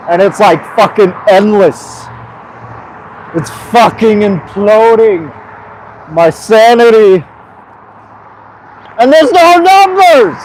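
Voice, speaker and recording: A man's voice: sits high, darkish tone, low-quality recording. Hyper young man streaming while walking. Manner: hyper, swearing, laughing, joking with chat. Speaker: vlogger streaming a long walk. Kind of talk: casual live-stream chat while walking. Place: outdoors by a busy road. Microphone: streaming mic carried while walking. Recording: faint street traffic noise. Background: traffic noise.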